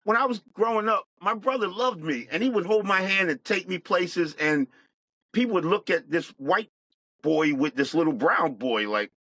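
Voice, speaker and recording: A middle-aged man telling his life story as a guest, in a plain, reflective, unhurried way. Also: high-pitched, sharp tone, no room sound, poor audio. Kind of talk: personal storytelling.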